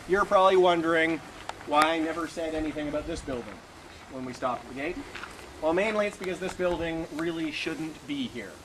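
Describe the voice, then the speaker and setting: Chatty tour guide outdoors. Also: male voice, a little high. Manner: chatty, wry storytelling with chuckles. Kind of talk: storytelling to a tour group. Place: outdoors at a historic fort. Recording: outdoor recording with steady background noise.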